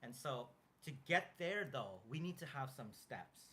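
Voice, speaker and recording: Earnest man talking in halting restarts. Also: medium pitch, very animated, pushed and bright. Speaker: co-host. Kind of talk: casual chat.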